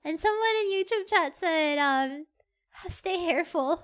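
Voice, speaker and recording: Very high, bright, giggly streamer. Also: slow. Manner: giggly and excitable, squeals. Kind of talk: casual live-stream chat.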